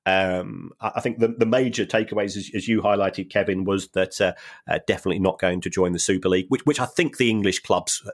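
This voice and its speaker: Brief: analyst co-host, low voice, wry and measured. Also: male voice. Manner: measured and wry, many restarts and ums. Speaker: podcast co-host, football finance analyst. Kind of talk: casual chat.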